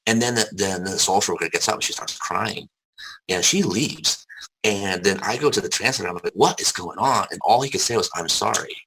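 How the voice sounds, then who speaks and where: A man's voice: on the low side, brisk, fairly bright tone, poor audio. A young adult man, an interview guest, frankly telling personal stories with casual swearing and many restarts. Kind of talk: candid personal storytelling.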